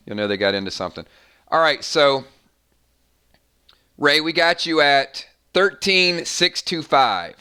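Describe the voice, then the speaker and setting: A man's voice: medium pitch, moderate pace, sharp tone, smooth. A man running a live-streamed role-playing game, chatting casually and tallying numbers aloud. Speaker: game master.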